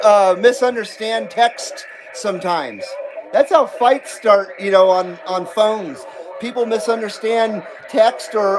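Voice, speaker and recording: A man hosting a CB radio livestream, chatting casually and reading out viewer comments in a laid-back, drawn-out way. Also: high voice, rough recording. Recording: steady background noise.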